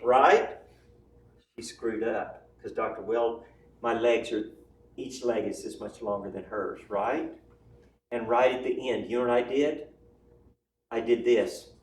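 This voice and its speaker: A man's voice: mid-range voice, darkish tone. Chatty male lecturer in a roomy hall. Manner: chatty, tags sentences with "right?" and "yes?". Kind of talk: classroom lecture with personal anecdotes. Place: classroom. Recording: roomy, distant mic, faint room noise.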